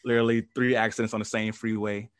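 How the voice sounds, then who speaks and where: A man hosting a podcast, talking sports in a laid-back, chatty way and laughing easily. His voice sits a little low, and it comes through a close, dry mic with no room sound. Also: flat delivery, fast talker, clean tone, no echo. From Arizona. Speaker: podcast host. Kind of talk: casual sports podcast chat.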